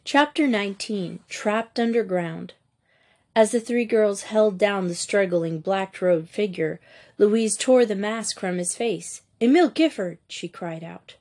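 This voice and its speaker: A woman narrating a mystery novel aloud in a measured storytelling manner. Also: medium pitch, a little mellow. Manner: measured storytelling, voicing each character. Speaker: audiobook narrator. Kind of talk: scripted narration.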